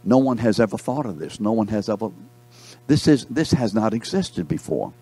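A man's voice: lowish voice, big pitch swings, normal speed, mellow, slightly rough, soft background music. A man teaching a Bible lesson, reading verses aloud and stopping to quiz his students, repeating key words for emphasis. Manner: reads scripture aloud, breaks off to quiz the class.

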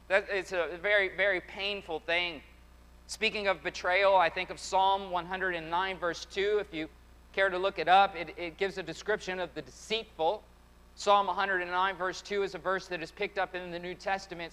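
A man's voice: high voice, pushed and bright. A man preaching a sermon as pastor, emphatic, often repeating phrases in a preaching cadence, in a church sanctuary. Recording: long hall reverb.

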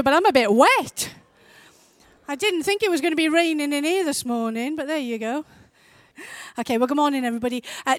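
A woman's voice: high-pitched, no echo. A woman leading a church gathering, talking to the congregation in a friendly, conversational way and asking them questions. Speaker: church leader. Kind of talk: casual sermon to a congregation.

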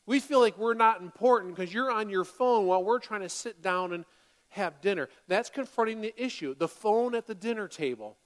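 A woman in her forties, a pastor preaching a sermon to a congregation in a church, animated and dramatic, dropping to quiet asides and rising to loud bursts. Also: mid-range voice, normal speed. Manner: animated, acts out quoted voices, swings from quiet to loud.

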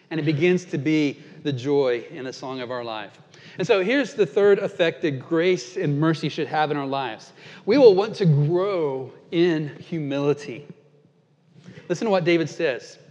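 A male pastor preaches a sermon with earnest, dynamic energy, slowing for emphatic quotations and sometimes dropping soft and low. The sound is dull, with long reverb from a large hall.

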